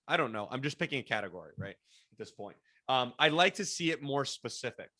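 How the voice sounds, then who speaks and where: Bright-voiced man coaching on a call. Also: medium pitch. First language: Spanish. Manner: coaching, repeats words when restarting. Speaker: workshop presenter. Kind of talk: online workshop talk. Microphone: video call.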